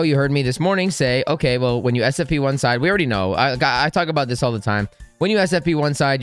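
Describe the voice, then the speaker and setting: A man's voice: mid-range voice, clear, resonant tone. Blunt, emphatic man over faint music. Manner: emphatic, blunt, keeps asking "right?". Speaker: trading channel host. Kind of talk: casual market commentary over charts.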